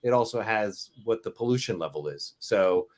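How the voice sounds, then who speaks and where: A man's voice: lowish voice, lively intonation, moderate pace. A man in a casual podcast chat who talks hesitantly, with many fillers and restarts.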